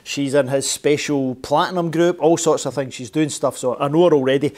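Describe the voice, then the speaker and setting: A man's voice: a little high, steady tone, brisk, darkish tone. A man hosting an interview, jokey, upbeat and chatty. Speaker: podcast host. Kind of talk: casual interview chat.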